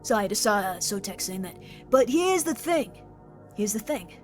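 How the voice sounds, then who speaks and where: A woman streamer chatting excitedly with her viewers and reading their messages aloud. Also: medium pitch, moderate pace, faint music behind. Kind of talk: live stream chat.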